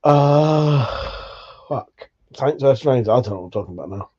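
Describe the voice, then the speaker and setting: A man's voice: mid-range voice, expressive, moderate pace, mellow, slightly rough, lo-fi sound. A man hosting a livestream, reading viewer messages aloud and bantering with lots of swearing and jokes. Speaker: livestream host. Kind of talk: casual live chat reading viewer messages.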